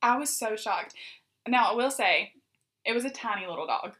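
A woman's voice: on the high side, normal speed. Chatty woman co-hosting a podcast. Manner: animated storytelling, laughs often. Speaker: podcast co-host. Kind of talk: casual chat.

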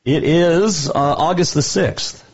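Chatty husky-voiced sports radio host man. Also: fairly high pitch, takes it slowly, dull audio. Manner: chatty, rambling, fond of trivia. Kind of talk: casual sports radio monologue.

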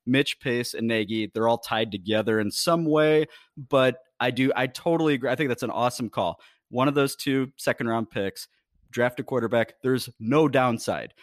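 A man's voice: medium pitch, normal speed, no room sound, studio quality. A man co-hosting a sports podcast, talking in a sarcastic, upbeat way. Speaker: podcast co-host. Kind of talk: casual sports chat.

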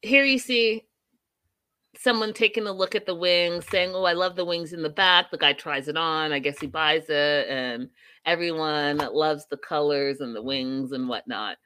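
A woman's voice: low-pitched, normal speed, bright, forceful tone, clear, resonant tone, dry recording. A young adult woman hosting a casual reality TV recap, chatty and opinionated, with playful asides to her viewers.

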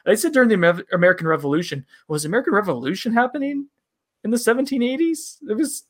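A man's voice: high-pitched, sing-song, fast talker. A man co-hosting a casual bourbon review chat, rambling and self-deprecating, with lots of fillers.

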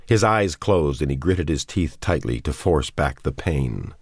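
Very deep slow male narrator. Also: animated, no echo, clean studio sound. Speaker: audiobook narrator. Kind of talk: scripted narration.

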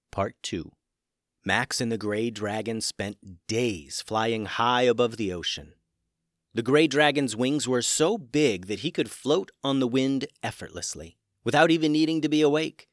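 A man hosting a children's podcast and narrating a storybook in a gentle, measured way. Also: medium pitch, dry recording, studio quality.

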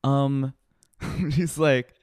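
Rambling, laughing man, smooth voice. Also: mid-range voice, steady tone, darkish tone, no echo, studio quality. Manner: rambling, laughing, quick retellings with put-on quotes. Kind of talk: casual chat.

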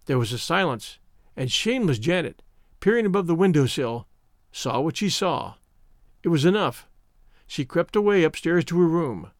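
A man reading a story aloud in an expressive, dramatic way. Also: on the high side, normal speed, no echo, clean studio sound. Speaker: audiobook reader. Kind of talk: storybook narration.

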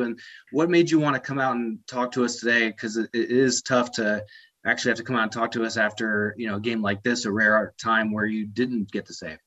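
Male reporter, chatty press question, middle pitch, dull lo-fi recording. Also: a bit bright. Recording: dull lo-fi audio.

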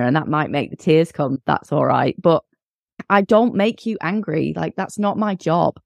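A woman's voice: low voice, normal speed, creaky, no echo, studio quality. A middle-aged woman chatting candidly as a podcast guest, acting out little bits of dialogue as she talks. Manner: candid and animated, acts out dialogue. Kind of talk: casual chat.

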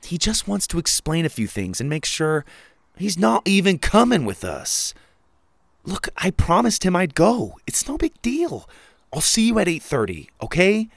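A man's voice: high voice, wildly swooping pitch, a little slow, gravelly, no echo, clean studio sound, pitched above the performer's own voice, full character voice. A man doing a bold, insistent young girl. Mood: reassuring. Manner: urgent, insistent pleading.

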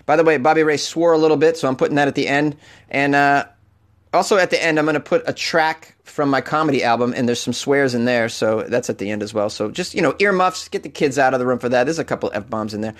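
A man's voice: medium pitch, fast talker. Joking, crude-talking male podcast host. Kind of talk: casual comedic monologue.

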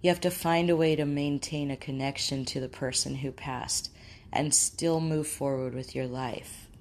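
A woman hosting a talk show, speaking earnestly and gently about grief and quoting inner thoughts. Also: a bass voice, fairly even intonation, moderate pace, slight background noise.

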